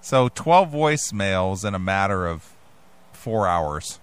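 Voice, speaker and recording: A man's voice: low-pitched, very animated, takes it slowly, clear, resonant tone. A man hosting a radio show, laid-back, amused and crude. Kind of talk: casual radio talk.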